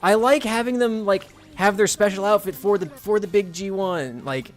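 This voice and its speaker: A man's voice: sits high, normal speed. A man streaming a game, chatting casually and animatedly, laughing often and swearing now and then. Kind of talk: casual gameplay commentary.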